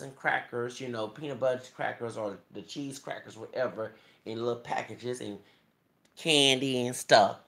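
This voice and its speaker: Gravelly Southern man in an echoey room. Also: medium pitch, a bit bright. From Texas, US. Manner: emphatic, preachy, quotes scripture. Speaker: YouTuber. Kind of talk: impassioned monologue.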